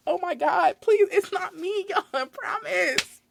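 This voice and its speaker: A woman's voice: high voice, normal speed, gravelly, a little hiss or hum. A young woman hosting a podcast, telling a work story in a casual, exasperated way with frequent laughs. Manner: animated, exasperated retelling with laughs. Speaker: podcast host.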